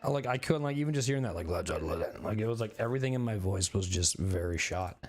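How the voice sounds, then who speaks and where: A hoarse man chats to his stream from his bedroom, his lowish voice a little raspy and worn. He rambles and restarts, leaning on fillers, with faint music playing behind him. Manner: rambling, filler-heavy, halting. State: hoarse, recovering voice. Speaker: game streamer. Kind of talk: casual chat to stream viewers. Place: bedroom at home.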